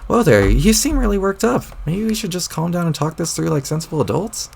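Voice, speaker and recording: Reading a webcomic aloud fairly quickly, a man gives a heavily acted, animated performance with a slightly mellow, apologetic air. His lowered, gravelly voice plays a clueless young adventurer who rambles and spouts old-timey folksy exclamations.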